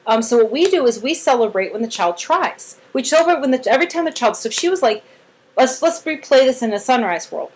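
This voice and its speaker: In a rough recording, a woman with a high voice speaks fairly quickly as she casually explains a therapy method she trains people in. She acts out quotes storyteller-style, fills her speech with "like," and breaks into cheerful bursts of praise.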